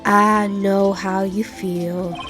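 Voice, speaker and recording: A woman voicing a swaggering cowboy-style male detective, reading game dialogue aloud in a put-on Southern drawl, slow and folksy. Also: mid-range voice, level tone, over music. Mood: warning.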